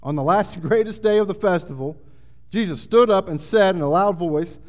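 High-voiced preacher in a reverberant hall. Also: male voice, fairly quick. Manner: reads scripture aloud, rising in intensity. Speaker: pastor. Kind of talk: sermon.

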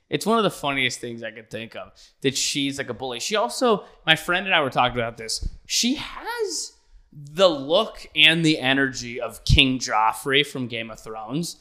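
A man's voice: medium pitch, bright, forceful tone. A young man ranting casually as a podcast host, rambling and swearing, often breaking into laughter. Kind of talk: casual comedic rant.

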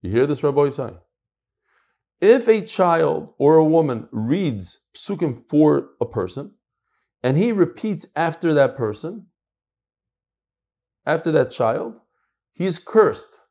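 An American man teaching a Talmud class, emphatic and animated, mixing in Hebrew and Yiddish terms. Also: fairly high pitch, slow, pauses often. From United States. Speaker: Torah teacher.

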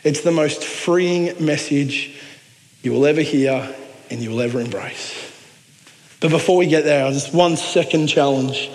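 A man's voice: a little high, a little slow, in a large hall. A man with an Australian accent preaching a sermon, earnest and conversational with joking asides. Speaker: pastor.

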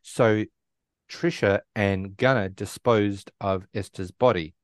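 A man's voice: lowish voice, fairly even intonation, takes it slowly, dry recording, clean studio sound. A man co-hosting a casual film chat, retelling the plot with lots of restarts. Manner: rambling storyteller, many restarts and quoted lines. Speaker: podcast co-host. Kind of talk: casual movie recap chat.

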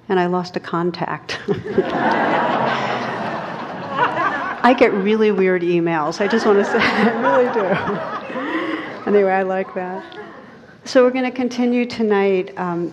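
A woman's voice: fairly low pitch, a little mellow. A woman meditation teacher talking casually to a group with self-amused laughter, then reading a story aloud. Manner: casual, laughs at her own asides. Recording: dull recording with a long hall echo.

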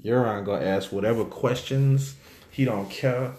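A man co-hosting a casual chat, animated and joking, full of slang and drawn-out fillers. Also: medium pitch. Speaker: podcast co-host. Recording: roomy echo.

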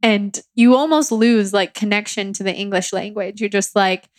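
A woman's voice: medium pitch, moderate pace, dry recording. A young woman hosting her own podcast, candidly retelling a personal experience in a rambling, filler-heavy way. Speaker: podcast host. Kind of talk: personal storytelling monologue.

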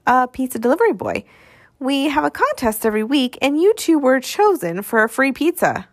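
An easygoing, clever boy who talks younger kids around with a friendly pitch, as a woman reads him in a storybook. His voice sits a little above her own and stays lively. The sound is close and dry. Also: normal speed, no echo. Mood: persuasive. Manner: easygoing, persuasive.

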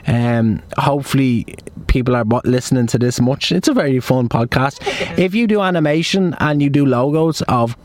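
A man's voice: medium pitch, darkish tone, no room sound. Rambling young man in a parked car. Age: 20s. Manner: chatty and rambling, many restarts, retells a film scene with acted lines. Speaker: podcast host. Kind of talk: casual chat.

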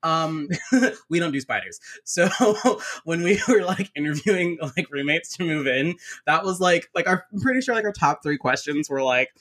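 Lively, laughing podcast guy. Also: fairly high pitch, normal speed. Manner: laughs often, swears freely, filler-heavy. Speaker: podcast co-host. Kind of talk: casual chat.

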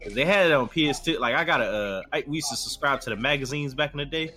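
A man's voice: on the high side, quick pace, pushed and bright. A man chatting casually on a podcast, cutting in with jokes.

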